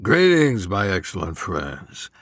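A cranky older comedian, as a man puts him on, ranting down at humanity with sardonic scorn. The voice sits a touch lower and further off the mic than usual, with a foul-mouthed, mocking edge. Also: wildly swooping pitch, slow pace, a bit bright, no echo, exaggerated voice.

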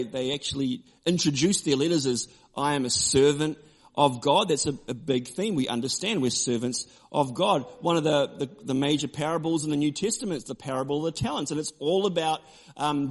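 A man preaching a sermon, emphatic and repetitive, shifting between forceful declarations and quieter storytelling. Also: a little high. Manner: emphatic, repeats key phrases, drops to quiet storytelling. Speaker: pastor.

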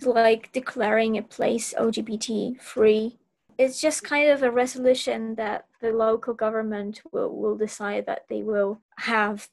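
A woman's voice: a little high, flat delivery, unhurried, vocal fry, a little mellow, low-quality recording. A woman talking in a casual podcast discussion, often restarting her sentences.

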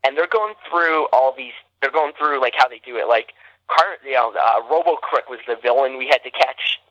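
A bright, forward man tells a story in a casual podcast chat, and his voice jumps high whenever he acts out what someone said. The close, dry sound is a little dull, like modest podcast audio. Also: moderate pace, no echo. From New Jersey. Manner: animated, acts out quotes with big jumps in pitch. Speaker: podcast guest.

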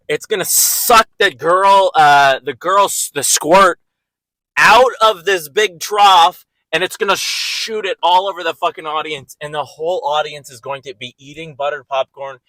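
A man delivering a comedic rant, rambling and excitable, with frequent restarts and filler words. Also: on the high side, no echo, poor audio. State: out of breath.

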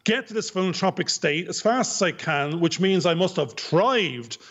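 A man with an Irish accent, co-hosting a casual podcast chat, talking with animated emphasis and repeating words for stress. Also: sits high, normal speed. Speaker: podcast co-host.

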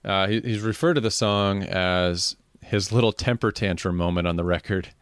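A man co-hosting a casual album review chat, relaxed and agreeable, asking his partner questions. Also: low voice, moderate pace, smooth, no echo, studio quality. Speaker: album review podcast co-host.

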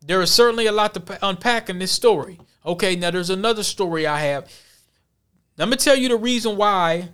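A man's voice: high-pitched, brisk, fairly bright tone, clear, resonant tone. A man hosting a podcast, reading news stories aloud and commenting on them bluntly with slang. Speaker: podcast host.

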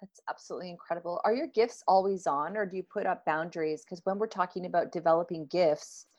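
Woman, podcast host, fairly low voice, emotive, asks questions. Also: fast, darkish tone. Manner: emotive, reacting with exclamations. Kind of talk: interview questions.

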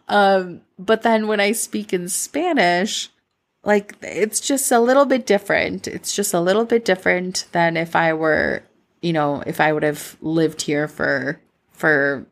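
Woman, Midwestern accent, slightly low voice, solo podcast host, candid and rambling, lots of fillers. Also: creaky. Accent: Midwestern American. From born in Colombia, raised in Minnesota. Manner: candid, rambling, frequent "like" fillers, laughs at herself. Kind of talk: reflective solo podcast monologue.

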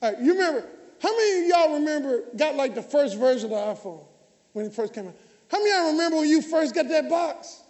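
High-voiced preaching man in his fifties. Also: expressive, quick pace. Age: 50s. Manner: preaching, often shouting, calling out to the audience. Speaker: pastor. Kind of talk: lively sermon with jokes to the congregation. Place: large church hall. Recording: church hall with long reverb.

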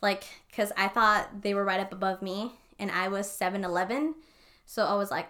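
A young woman tells a story on a podcast in a loose, casual ramble. She swears freely and talks at an ordinary pitch. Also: steady tone, moderate pace, a bit bright. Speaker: podcast co-host. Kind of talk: casual chat.

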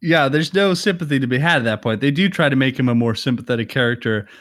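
A man's voice: medium pitch, lively intonation, fast, a bit bright. A man co-hosting a podcast, making dry, wry remarks in casual chat. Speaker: podcast co-host.

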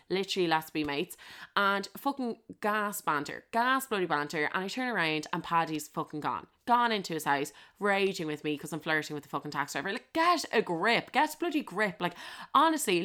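A young woman with an Irish accent telling a story in a brash, profane, animated way on a podcast. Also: fairly low pitch. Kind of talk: casual anecdote storytelling.

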